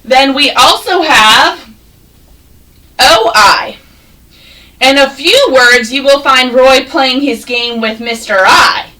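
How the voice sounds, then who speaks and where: High bright teacher lady sounding out words real slow for little kids, mic kinda far off. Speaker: first grade teacher. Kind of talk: classroom phonics and reading lesson.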